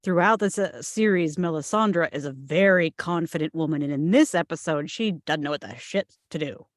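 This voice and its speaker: A woman's voice: low-pitched, normal speed, no room sound, studio quality. A woman chatting casually in a group discussion, dropping wry quips. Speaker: table read participant.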